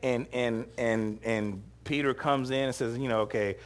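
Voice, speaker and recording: Unhurried and medium-pitched, a male preacher retells scripture casually and with humor, laughing a lot. He animates the story by acting out short quoted lines.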